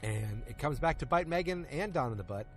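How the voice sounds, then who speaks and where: A man hosting a podcast, recapping an episode in a loose, casual way and acting out the characters' lines in quick quotes. He is recording outdoors in a park. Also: medium pitch, animated, faint music behind. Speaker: podcast host.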